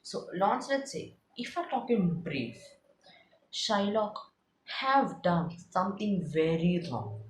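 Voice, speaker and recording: A woman's voice: mid-range voice, a little hiss or hum. A woman tutor explaining a classic play in a chatty way, repeating and paraphrasing lines as she goes. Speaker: literature tutor. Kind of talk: explaining a play with read-aloud passages. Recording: echoey room.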